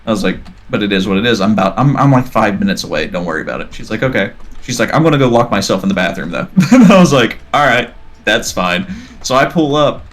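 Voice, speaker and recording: A man's voice: on the low side, expressive, fast talker. A man telling a long, rambling story in casual podcast chat, acting out the dialogue as he goes. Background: faint background music.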